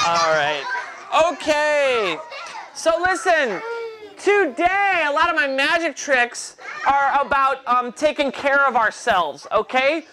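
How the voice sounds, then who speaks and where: High-voiced playful woman magician. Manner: playful, teasing; commanding, calls out instructions. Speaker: children's magician. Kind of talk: interactive kids' show patter. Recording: noisy live show recording.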